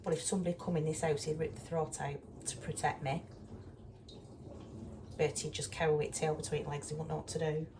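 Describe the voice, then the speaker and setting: Talking as she cooks, this vlogger keeps things casual, down to earth and a bit exasperated, in a low, fairly flat voice at a quick clip. She's in a cold home kitchen, picked up by a distant mic amid loud clanging of pans and dishes.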